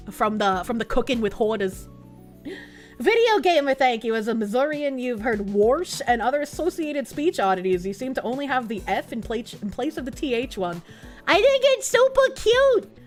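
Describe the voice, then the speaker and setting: A woman streamer chatting casually with her viewers, swearing freely and often breaking into squealing laughter. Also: sits high. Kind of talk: casual chat reading viewer comments.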